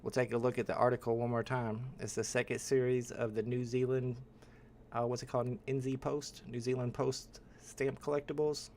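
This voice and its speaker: A man's voice: mid-range voice, little pitch movement, normal speed, darkish tone, slight background noise. A man hosting a live stream in a casual, chatty way, reading and answering viewer comments.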